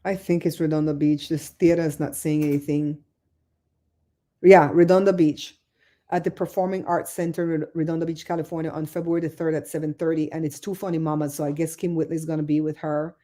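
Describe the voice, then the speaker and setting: Middle-aged woman livestream host, chatty and animated, mellow lower voice. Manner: chatty, animated storyteller reading chat. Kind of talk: casual livestream chat.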